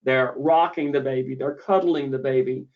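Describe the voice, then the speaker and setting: A man's voice: mid-range voice, fairly even intonation. Man lecturing over dull lo-fi audio. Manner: deliberate, repeats key words for emphasis. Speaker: misophonia therapist explaining treatment. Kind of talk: explanatory lecture.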